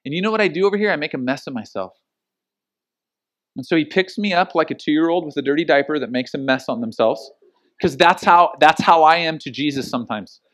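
A middle-aged man preaching a sermon as pastor, telling stories and acting out the quotes with lively energy. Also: a little high, a little fast. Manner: animated storytelling with acted-out quotes.

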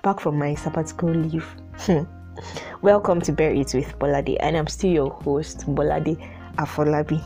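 A woman's voice: sits low, fairly even intonation, moderate pace, mellow, soft background music. A young woman from Nigeria with a Nigerian accent, hosting her own podcast in casual solo chat, chatty with frequent "like" fillers. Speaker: podcast host.

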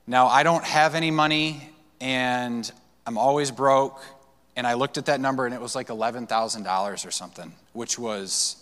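A man's voice: mid-range voice, a bit bright. A male pastor preaching a sermon, telling personal stories in a loose, conversational way with fillers and restarts. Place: church sanctuary. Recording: long church hall reverb.

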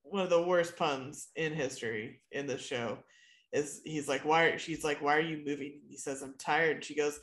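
A woman's voice: low voice, normal speed. Woman, sarcastic episode recap, quoting characters, roomy echo. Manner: wry, sarcastic, retells scenes in quoted voices. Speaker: podcast co-host. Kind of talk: casual chat recapping a TV episode.

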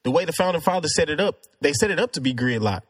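A man's voice: on the high side, lively intonation, fast talker, fairly bright tone. A man in a casual debate, talking earnestly and arguing his point with many restarts. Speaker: discussion participant.

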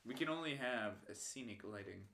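A man telling stories in a casual podcast chat, excitable and crude, often laughing as he talks. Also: medium pitch, fairly quick, gravelly, background noise. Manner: excitable, crude joking, laughs while talking. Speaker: podcast guest. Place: dim room recording a podcast. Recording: echoey room.

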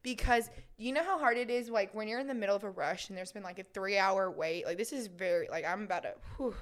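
A woman in her twenties chatting as a podcast guest, telling animated stories and laughing often. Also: medium pitch, fast talker. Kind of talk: casual podcast chat.

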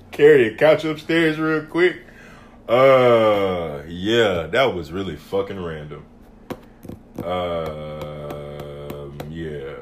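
A man telling a laid-back story on a livestream, getting louder and higher when he is worked up. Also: a little hiss or hum. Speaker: podcast co-host. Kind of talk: casual chat on a livestream.

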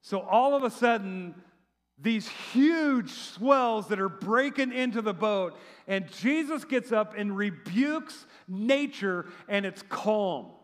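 A middle-aged man with a high voice preaches a relaxed, conversational sermon. He talks in an animated, chatty way, trips over restarts and throws in sarcastic asides. His voice rings with the long reverb of a big church hall. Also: slow pace. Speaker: pastor.

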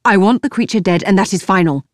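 A woman's voice: medium pitch, fast, no echo, clean studio sound, natural voice. A woman narrator voicing an aging, bitter king who speaks harshly and gives commands. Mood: angry. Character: aging, angry, bitter king, older man.

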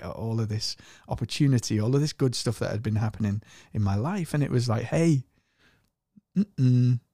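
A man's voice: mid-range voice, mellow, dry recording, studio quality. A middle-aged man with a podcast, earnestly telling a personal spiritual story, often restarting his phrases. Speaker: podcast host.

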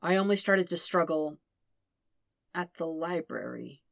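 A brooding, self-critical teenage prince, read by a woman in a strained, tense voice for a fan audio story. The voice sits on the low side and sounds close and dry, with no room around it. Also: animated, unhurried, vocal fry, dry recording, full character voice. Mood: sullen.

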